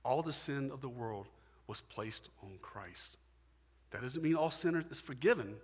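A man's voice: medium pitch, expressive, a little slow, breathy edge. Preaching man in an echoing hall. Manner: emphatic, repetitive preaching with rising and falling intensity. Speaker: pastor. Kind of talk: sermon. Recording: long hall reverb.

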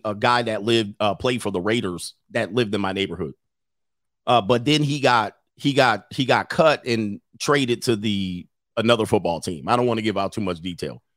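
A man's voice: mid-range voice, a bit bright, no echo, studio quality. A middle-aged man hosting a livestream, telling stories casually, laughing often and acting out other people's voices. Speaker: livestream host.

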